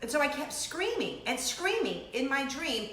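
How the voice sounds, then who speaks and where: Middle-aged woman host, bright and animated, giggly chat, echoey room. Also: sits high, normal speed. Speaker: host of a weekly chat show. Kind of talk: casual chat to camera.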